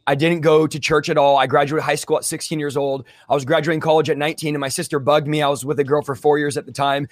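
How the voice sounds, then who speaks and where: A man's voice: fairly high pitch, little pitch movement, fast talker, no room sound, studio quality. A young man from California telling a fervent, casual story, using slang like "bro" and "dude". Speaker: guest telling his testimony. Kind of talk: conversational interview storytelling.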